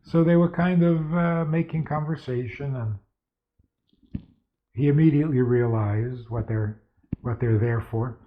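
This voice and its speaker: A man's voice: medium pitch, a little slow, pauses often. Male rabbi, mid-range voice, storytelling teacher, narrow telephone-like recording. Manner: rhetorical questions, storytelling. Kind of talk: spoken lecture with stories. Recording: tinny phone-like sound.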